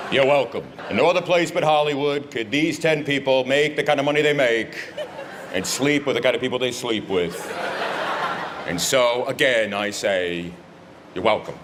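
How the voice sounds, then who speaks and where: A man's voice: mid-range voice, normal speed, noisy background, lightly acted. A man playing a pompous, self-congratulating president of Hollywood giving a speech. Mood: smug. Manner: smug, grandiose speech-giving.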